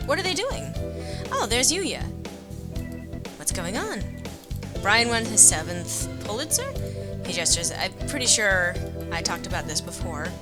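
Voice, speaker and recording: A woman reading a dating-sim game aloud as a let's player, adding wry, deadpan asides. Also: mid-range voice, a little slow, long pauses. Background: game music.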